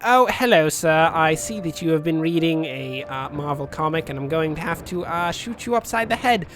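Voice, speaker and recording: A man's voice: a little high, animated, moderate pace, natural voice. A man voicing a polite but menacing secret police officer in a mock British manner.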